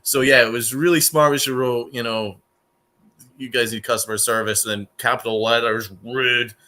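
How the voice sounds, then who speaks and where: A man co-hosting a casual sports podcast, telling stories in an excitable, profane way. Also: mid-range voice, moderate pace. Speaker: podcast co-host.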